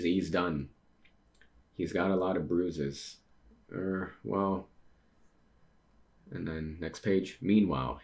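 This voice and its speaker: A man's voice: low-pitched, a little mellow. A young man reading a manga chapter aloud in a plain voice and stopping to react and comment. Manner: reads dialogue plainly, breaks off to react with surprise.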